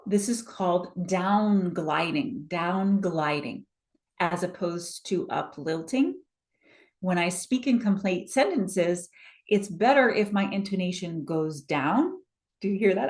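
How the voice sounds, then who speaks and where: A woman presentation coach leading a live online workshop, energetic and encouraging, often checking in with her audience over a video call. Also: mid-range voice.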